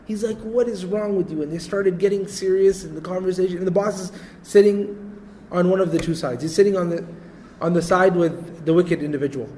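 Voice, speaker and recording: A male preacher telling a story in a conversational sermon, animated and often checking in with his listeners. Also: high voice, fairly quick, slight background noise, low-quality recording. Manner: animated, conversational, repeats points with "you know" and "okay?".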